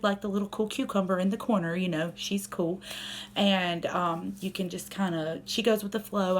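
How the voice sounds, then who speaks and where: A woman's voice: fairly low pitch, a little hiss or hum. A young woman, a mother, talking casually to her camera at home, candid and rambling with many fillers.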